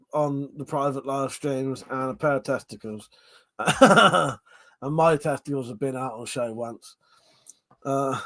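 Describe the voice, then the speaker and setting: A livestream host chats casually, reading viewer comments and laughing often through crude banter. His voice is a little high with a fairly bright tone, and the recording is dry.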